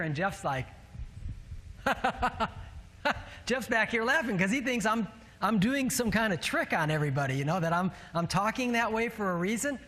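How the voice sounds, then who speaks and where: A man with a northern US accent preaches from the pulpit, his voice a little higher than most men's. He tells a story with easy, self-mocking humor. The sound carries the long reverb of a large church hall. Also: a bit bright. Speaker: pastor. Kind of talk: sermon. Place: church sanctuary.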